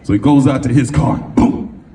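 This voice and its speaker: At an event venue, a middle-aged Californian motivational speaker tells a personal story to a live audience, animated and slangy, acting out the voices of the people in it. His voice is medium-pitched at normal speed, picked up by a distant mic with faint room noise.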